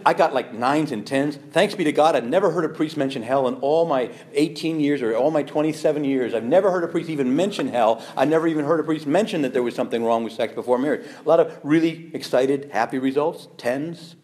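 A man, a priest, teaching fellow preachers in a lively storytelling way, acting out quoted voices and laughing along. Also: on the high side, a little fast, hardly any pauses. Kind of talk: teaching talk to clergy with anecdotes.

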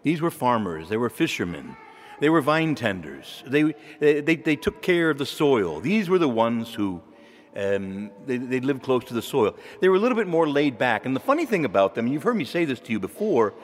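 A man's voice: medium pitch, big pitch swings, moderate pace. A man preaching a sermon in a church, in a conversational way, putting questions to his listeners. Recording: long reverb of a large hall.

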